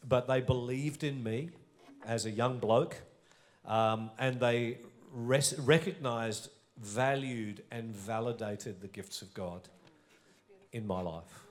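A man's voice: mid-range voice, fairly even intonation, takes it slowly. A middle-aged Australian man, a pastor, telling earnest, reflective stories in an interview. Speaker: senior pastor. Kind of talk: reminiscing in an onstage interview.

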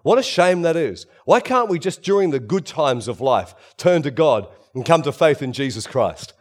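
A man preaching a sermon, swinging between loud emphasis and hushed, quiet passages. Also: a little high, animated, moderate pace.

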